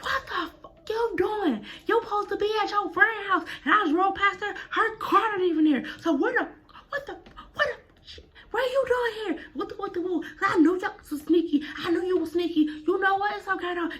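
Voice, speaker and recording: A woman mimicking her angry mother, yelling and cursing at her teenage daughter. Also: brisk. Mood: furious. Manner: shrill, profane yelling.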